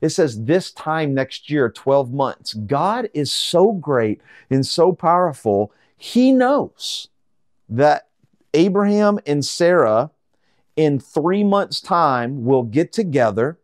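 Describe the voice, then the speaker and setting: A man teaching through a Bible chapter verse by verse, reading the verses slowly and explaining them in a casual way, with fillers and restarts. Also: on the high side, big pitch swings, no echo, studio quality.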